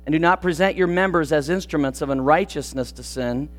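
Man, pastor, sermon delivery, earnest, rising emphasis, fairly high voice. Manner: hushed, slow and reverent in prayer. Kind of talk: sermon with prayer and scripture reading.

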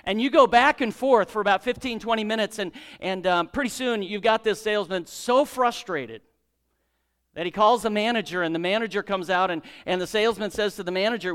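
A man's voice: sits high, fairly quick, a bit bright, clear, resonant tone. A man preaching a sermon, praying and then telling a story in a conversational way and acting out its dialogue.

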